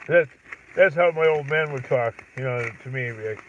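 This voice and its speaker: A middle-aged man chatting casually on a livestream, rambling, clearing his throat and chuckling as he talks from his truck. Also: medium pitch, normal speed, far from the mic, slight background noise. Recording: tinny phone-like audio from off-mic.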